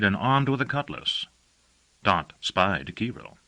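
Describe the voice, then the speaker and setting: A man narrating a science fiction audiobook in a measured storytelling manner. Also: on the low side, sing-song, sharp tone. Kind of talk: scripted narration.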